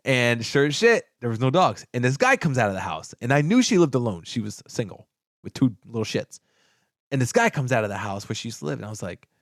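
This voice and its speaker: In clean studio sound with no room noise, a fairly quick-talking male co-host spins a story on a podcast. His chat is casual and profane, and he animatedly acts out quoted lines with big pitch jumps.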